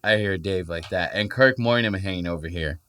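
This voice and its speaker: A young man riffs on clips for his podcast, crude and mocking, with swearing all through. His voice is lowish but bright and forceful. It sounds dry and close to the mic. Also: normal speed, no room sound. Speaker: podcast host. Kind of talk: casual reaction commentary.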